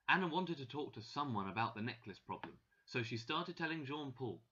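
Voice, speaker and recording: Man reading a story for english learners, bright forceful voice, dull lo-fi audio. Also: mid-range voice, expressive, fairly quick, hardly any pauses, breathy edge. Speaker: narrator.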